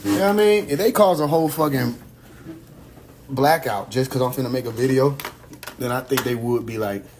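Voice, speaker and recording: Male livestream host, rambling and profane, mid pitch. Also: background noise. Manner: loose, rambling, profane, with quick asides and laughs. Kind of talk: casual livestream talk.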